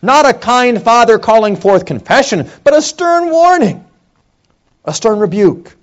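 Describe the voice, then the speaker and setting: Animated male preacher, lo-fi sound. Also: measured pace. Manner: swings from quiet low stretches to raised, emphatic lines. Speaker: pastor. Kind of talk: sermon.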